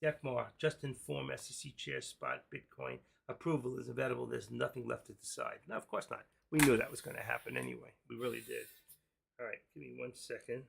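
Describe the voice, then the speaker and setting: A man's voice: medium pitch, lively intonation, brisk, creaky, a bit bright, breathy edge. A man hosting a live stream, chatting casually in a rambling, jokey and brash way.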